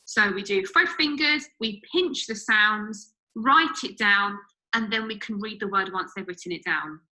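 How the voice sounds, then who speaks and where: A woman's voice: medium pitch, measured pace, pushed and bright, rough recording. A woman teacher explaining a writing method to parents, step by step with the odd filler.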